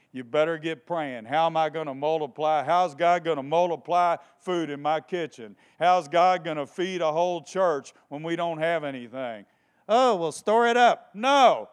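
On the high side and smooth, a preacher's voice carries a passionate sermon full of repeated phrases for emphasis, moving back and forth between hushed speech and shouting.

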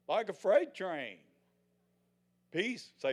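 High-voiced older preacher, dramatic swings. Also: male voice, measured pace. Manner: dramatic, swings from loud to hushed; folksy, acts out the scenes he tells. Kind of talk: sermon.

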